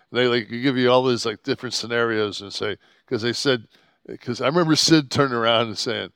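Gravelly older man telling a profane story. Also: mid-range voice, a little slow, long pauses, dry recording, studio quality. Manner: profane, rambling, animated quoting of others. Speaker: podcast host telling a wrestling road story. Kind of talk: casual storytelling.

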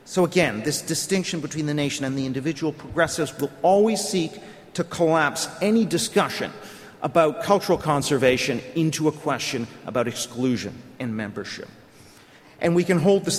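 A middle-aged man giving a prepared conference speech, arguing his case in a lecturing way with rhetorical questions. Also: fairly high pitch. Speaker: conference speaker. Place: conference hall. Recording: long hall reverb.

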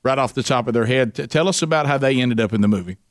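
A man's voice: medium pitch, fast, dry recording, studio quality. A man hosting a casual radio interview, chiming in with short affirmations and friendly questions. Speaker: radio talk show host.

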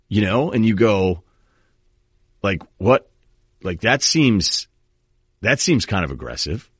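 A low-pitched man hosting a sports talk show, rambling through an animated rant. His voice sits close to the mic in a dry, dead room with no echo at all. He talks casually and keeps drifting off on tangents. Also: slow, pauses often, husky. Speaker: sports talk podcast host.

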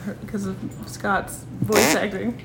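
A woman's voice: mid-range voice, fairly even intonation, slow, gravelly. A woman, the host's daughter, joining a casual podcast chat with a teasing, wry manner. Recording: echoey room with faint noise.

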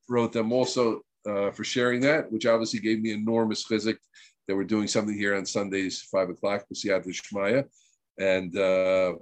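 A man's voice: lowish voice, no room sound. Earnest man giving a spiritual talk. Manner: earnest and emphatic, peppered with Hebrew terms; rambling with frequent restarts. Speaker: teacher leading a weekly group session.

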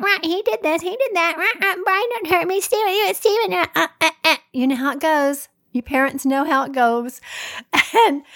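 A woman's voice: fairly high pitch, no room sound, clean studio sound. A middle-aged woman co-hosting a podcast, giving a chatty, story-filled pep talk. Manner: slow, chatty storytelling with frequent laughs. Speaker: podcast co-host. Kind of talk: solo pep talk monologue.

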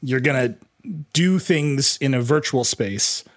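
On a tech podcast, a male co-host rambles through a casual panel discussion, animated and sarcastic and saying "like" constantly. His mid-range voice takes things slowly, and the recording is dry and studio quality.

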